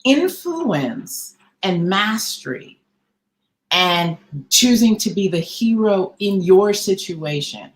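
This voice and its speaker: A woman's voice: mid-range voice, very animated, takes it slowly. A woman mindset coach hosting a podcast conversation, speaking in an earnest, emphatic, motivational way.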